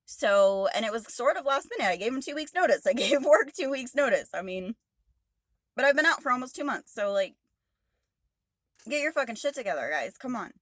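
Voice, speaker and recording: A woman's voice: on the high side, animated, fairly quick, no echo. A woman truck driver ranting angrily to camera, swearing heavily and exasperated. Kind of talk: angry rant to camera.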